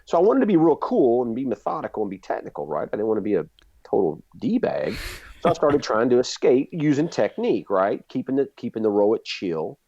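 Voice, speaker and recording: A man's voice: mid-range voice, very animated, a little fast, warm tone, no room sound. A middle-aged man, a guest martial arts instructor, telling a vivid story and acting out his own reactions. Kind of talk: animated storytelling. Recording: dull, lo-fi dry sound.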